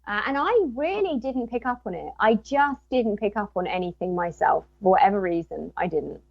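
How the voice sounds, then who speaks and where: A woman's voice: medium pitch, moderate pace, vocal fry, muffled recording. A woman, a guest and author, telling a personal story in casual talk and acting out what people said. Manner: animated retelling with quoted dialogue.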